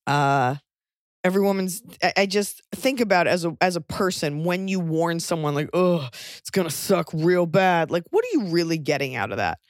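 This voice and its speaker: A pregnant woman co-hosts a podcast in clean, echo-free studio sound, her fairly low voice moving briskly. She chats casually and tells blunt, joking stories with animated energy.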